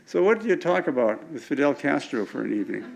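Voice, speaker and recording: A man's voice: mid-range voice, big pitch swings, fast talker, gravelly, noisy background. An older man giving an anecdotal lecture with slides at an alumni event, often stumbling and restarting his words.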